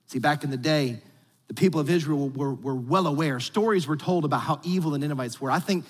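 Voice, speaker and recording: A man preaching a sermon with casual, animated delivery and slangy asides. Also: fairly high pitch, fairly quick, slightly rough, in a large hall. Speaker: pastor.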